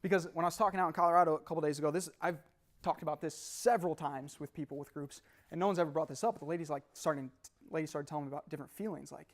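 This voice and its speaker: A young man leads a live motivational seminar with an animated, laughing delivery. His voice sits slightly higher than most men's. He keeps asking the audience questions as he talks. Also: very fast. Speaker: motivational speaker.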